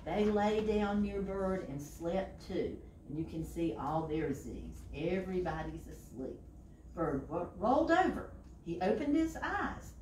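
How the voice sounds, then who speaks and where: Woman librarian at storytime; animated, questioning the kids; roomy sound, mic at a distance. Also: lowish voice, a little hiss or hum. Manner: slow, animated, asks the children questions. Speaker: children's librarian. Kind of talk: reading a picture book to children. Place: library room.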